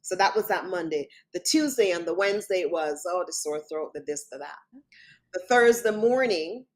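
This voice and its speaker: A woman's voice: lowish voice, lively intonation, moderate pace. Woman telling her story as a guest. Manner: vivid storytelling, often quoting others. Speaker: author guest. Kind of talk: personal storytelling in an interview.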